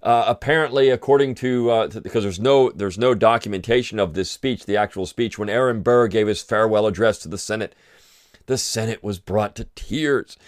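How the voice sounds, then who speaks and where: A man's voice: lowish voice, fairly quick, no room sound, studio quality. Sarcastic middle-aged man, mock-tearful. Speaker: podcast host. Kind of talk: sarcastic political commentary.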